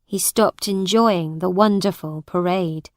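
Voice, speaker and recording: A woman narrating an audiobook for English learners, reading slowly and clearly with deliberate, expressive delivery. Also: fairly low pitch, no echo, clean studio sound.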